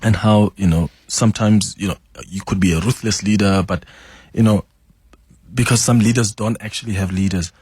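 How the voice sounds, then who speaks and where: A South African man hosts a talk radio show from the studio, steering the interview and introducing callers. His voice sits low and a little husky, recorded dry and close. He keeps up a steady flow of affirming prompts. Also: moderate pace, no room sound. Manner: warm, encouraging, affirming interjections. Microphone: studio mic.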